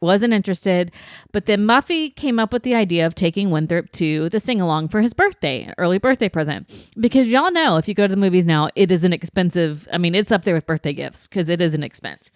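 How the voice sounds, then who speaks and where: Teasing, lively podcast woman. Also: lowish voice, fairly quick, no echo, clean studio sound. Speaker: podcast co-host. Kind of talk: casual chat.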